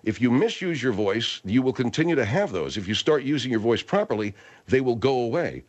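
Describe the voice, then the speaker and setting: A male radio talk show host rambles through the news, pausing and restarting his thoughts. His medium-pitched voice rises and falls in a lively way. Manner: rambling, hesitant, lots of restarts.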